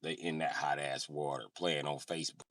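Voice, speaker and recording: A man's voice: rumbling low, fairly even intonation, a little fast, fairly bright tone, no echo. A male comedian telling crude, profane stand-up stories on a live stream.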